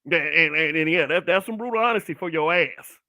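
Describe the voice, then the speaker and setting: A middle-aged man hosts his own solo broadcast, ranting bluntly with lots of profanity. His voice sits high and sounds bright and forceful. It is recorded close and dry. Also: a little fast, no room sound. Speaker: online talk show host. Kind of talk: brutally honest solo commentary broadcast.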